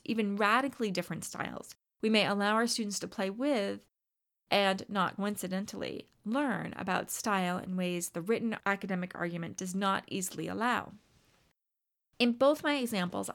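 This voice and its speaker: Woman teacher reading her lecture script, measured, bit of fry. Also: mid-range voice. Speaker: writing instructor.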